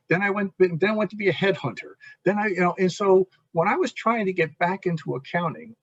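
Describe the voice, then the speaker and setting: Middle-aged man, somewhat high voice, husky, dry and dull lo-fi sound, animated storytelling. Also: dry recording. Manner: animated storyteller, quotes people in his story, many restarts. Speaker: guest. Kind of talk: casual storytelling chat.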